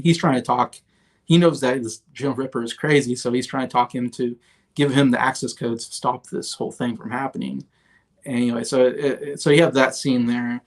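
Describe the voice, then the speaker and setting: A man in his thirties talks through favorite films on a livestream in a loose, chatty way. He pauses on fillers and restarts his sentences often. His mid-range voice has a gravelly edge. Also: medium pitch. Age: 30s. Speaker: host. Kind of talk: casual movie review livestream.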